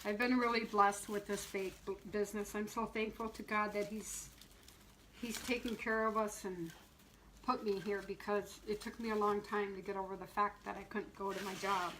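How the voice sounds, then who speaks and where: A woman's voice: mid-range voice, little pitch movement, moderate pace, a bit bright, slight background noise, low-quality recording. A middle-aged woman and shop owner demonstrating wreath making on a live stream, chatting, laughing and greeting viewers by name as she works.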